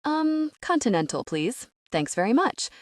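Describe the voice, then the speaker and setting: A woman's voice: on the high side, sing-song, no echo, studio quality, pitched above the performer's own voice. A British woman voicing a panicky, incredulous young woman of twenty-eight who has lost her memory. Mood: flustered. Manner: panicky, incredulous, quick bursts.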